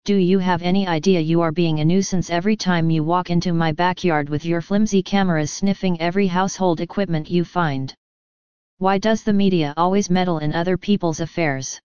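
A man's voice: high-pitched, steady tone, a little fast, a little mellow, clear, resonant tone, dry recording, lightly acted. Scornful male golfer, barking, dull sound, woman reader. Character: grumpy male golfer, hostile to press.

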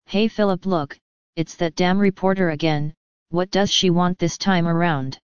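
A man's voice: high voice, fairly even intonation, moderate pace, clean tone, dry recording, highs cut off, close to an everyday voice. Woman doing a grumpy barking golfer. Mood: scornful. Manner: barking, scornful. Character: grumpy male golfer, hostile to press.

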